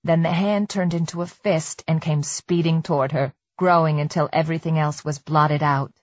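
A woman reading a novel aloud in measured, even scripted narration. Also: sits low, no echo. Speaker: audiobook narrator. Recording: dry, slightly muffled recording.

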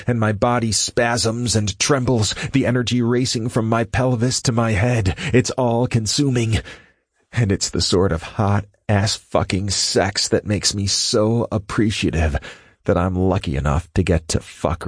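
A man narrating a first-person audiobook in a steady, measured reading. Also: on the low side, dry recording, studio quality.

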